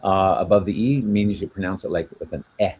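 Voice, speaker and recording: A man's voice: deep voice, a little fast, darkish tone, husky, dull audio. A man co-hosting a casual video-call chat, explaining at length with many fillers and restarts. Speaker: genealogy show co-host.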